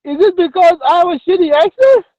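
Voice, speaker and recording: A man's voice: very high voice, lively intonation, brisk, darkish tone, no room sound. A man on a video call, talking as a panelist, flustered and stammering with mock indignation. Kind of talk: casual chat on a video call. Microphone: video call microphone. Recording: dull lo-fi call audio.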